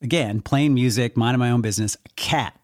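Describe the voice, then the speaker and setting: A man from Eastern Washington co-hosting a podcast, telling stories in animated casual chat and swearing freely. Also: medium pitch, fairly quick. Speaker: podcast co-host.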